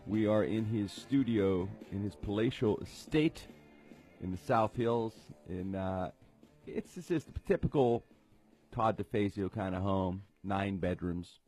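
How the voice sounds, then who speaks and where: A middle-aged man with a fairly low, slightly mellow voice hosts a casual radio comedy talk show from his home studio, speaking at a measured pace. He rambles, makes jokes at his own expense, and keeps restarting his sentences, with faint music playing behind him.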